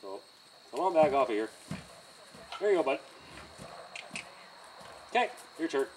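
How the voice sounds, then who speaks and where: A calm man coaching horse handling, his slightly raised voice rising and falling a lot. He is caught by a distant mic outdoors, with faint insects chirping behind him. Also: fairly high pitch, unhurried, slight background noise. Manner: calm, coaching, with frequent okays and chuckles. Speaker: horse trainer. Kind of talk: hands-on training demonstration.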